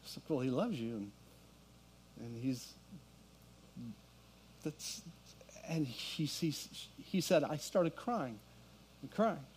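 A man's voice: on the high side, lively intonation, takes it slowly, pauses often, a little mellow, slight background noise. A middle-aged man, a pastor, telling a story and preaching a sermon to his congregation. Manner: storytelling, builds to fervent preaching. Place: church sanctuary with congregation.

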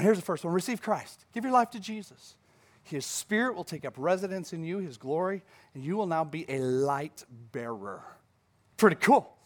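A male pastor preaching a sermon in a church, emphatic and building to fervent declarations. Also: high-pitched. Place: church sanctuary.

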